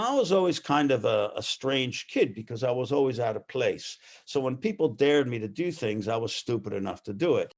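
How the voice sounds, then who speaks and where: A man interviewed as a guest, telling lively anecdotes about his mother and laughing often as he talks. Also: medium pitch. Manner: animated anecdotal storyteller; laughs often while talking. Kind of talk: personal storytelling.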